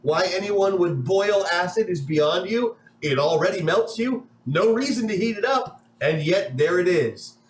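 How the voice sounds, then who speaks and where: A man's voice: high voice, expressive, measured pace, hardly any pauses, echoey room, a little hiss or hum, poor audio. A man narrating a tabletop game as game master in a playful, rambling way.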